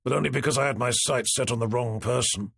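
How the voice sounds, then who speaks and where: A man's voice: medium pitch, steady tone, fast, gravelly, a bit bright, breathy edge, dry recording, studio quality. A man voicing a brooding detective chief inspector who speaks tersely and coldly, in an audiobook reading. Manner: terse, muttering, cold.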